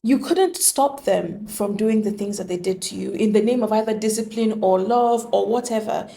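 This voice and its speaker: A woman's voice: mid-range voice, normal speed, creaky, warm tone. A woman giving an earnest, emphatic motivational monologue on relationships, full of rhetorical questions. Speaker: relationship speaker.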